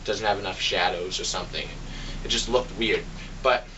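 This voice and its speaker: A man giving a casual film review, exasperated and sarcastic, acting out reactions with sudden jumps in pitch. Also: normal speed, recorded from a distance, noisy background. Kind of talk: casual movie review rant.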